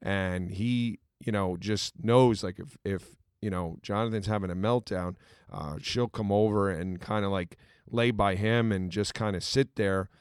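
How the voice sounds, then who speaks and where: A man's voice: fairly low pitch, fairly even intonation, measured pace, clean tone, dry recording, studio quality. A middle-aged man co-hosting a casual talk show, earnest and storytelling, with many fillers. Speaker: podcast co-host. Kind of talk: casual chat.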